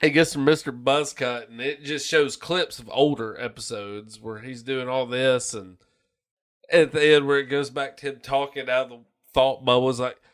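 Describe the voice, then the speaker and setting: A man's voice: medium pitch, steady tone, moderate pace, fairly bright tone. A man co-hosting a podcast, telling stories in a profane, rambling way. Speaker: podcast co-host. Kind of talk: casual chat.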